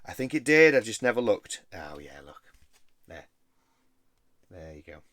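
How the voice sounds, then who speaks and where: A man's voice: fairly low pitch, big pitch swings, a little slow, fairly bright tone, dry recording. A man chatting casually about his record collection, rambling and easily enthused. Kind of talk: casual show-and-tell vlog.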